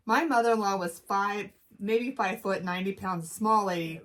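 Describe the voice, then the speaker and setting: A middle-aged woman from Wyoming co-hosting a casual chat show, telling a story in a relaxed, hesitant way with deadpan quotes. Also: medium pitch, moderate pace. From Wyoming, USA. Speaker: co-host.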